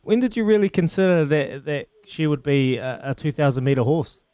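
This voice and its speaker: A man's voice: fairly high pitch, expressive, normal speed, dark tone, dry recording. A male radio co-host, asking a guest enthusiastic questions and leaning on mate. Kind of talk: radio sports interview.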